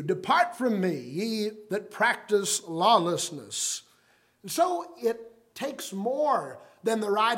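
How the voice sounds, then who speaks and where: A man's voice: high-pitched, fairly bright tone. A man preaching a sermon, earnest and emphatic, quoting scripture at length and stressing key words.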